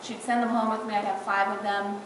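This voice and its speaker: In an echoey church, a woman tells stories at a funeral, giving a personal eulogy as an adult granddaughter. Her medium-pitched voice is flat and a little fast, though her storytelling is tearful and humorous, with frequent laughter. The large room is recorded from far off, with background noise.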